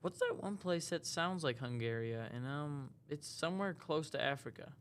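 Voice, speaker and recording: Goofy young podcast co-host. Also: male voice, on the high side, lively intonation, a little hiss or hum. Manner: goofy, joking, quick interruptions. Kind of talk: casual chat.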